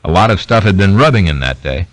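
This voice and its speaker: A man reading a biography aloud as an audiobook narrator, in steady scripted narration. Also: low voice, fast talker, no room sound, rough recording. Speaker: audiobook reader.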